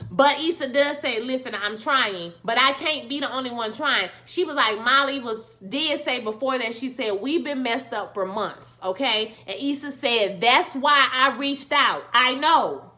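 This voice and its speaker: A woman with talks through a TV episode recap in a lively, sassy way. Her voice sits high and bright. She exclaims freely and speaks straight to her viewers. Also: measured pace, few pauses. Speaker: YouTube TV recap host. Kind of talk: casual spoken show review.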